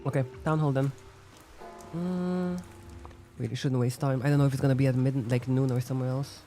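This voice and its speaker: A man talks quickly through his gameplay in casual commentary, musing aloud and leaning on "like" as he goes. His voice is mellow and dark, with faint game music underneath. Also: mid-range voice, little pitch movement. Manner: musing, thinking aloud with many "like" fillers. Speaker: let's-play gamer.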